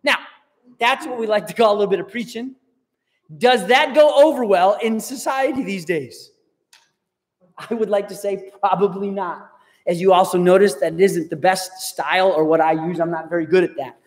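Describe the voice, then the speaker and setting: High-voiced upbeat man in a hall. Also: moderate pace. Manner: upbeat, playful, calls out to the crowd. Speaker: youth group leader. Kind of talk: lively talk to a student youth group. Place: large hall with a live audience.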